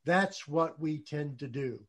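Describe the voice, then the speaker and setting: Earnest man, slightly raised pitch, spiritual chat that sinks soft and low. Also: takes it slowly. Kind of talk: conversational storytelling.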